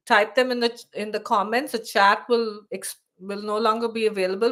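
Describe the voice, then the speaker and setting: A woman's voice: mid-range voice, fairly bright tone. A middle-aged woman hosting her own channel in a casual live stream, chatty with many restarts, her voice wearing thin. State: losing her voice. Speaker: YouTube channel host. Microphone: live stream setup.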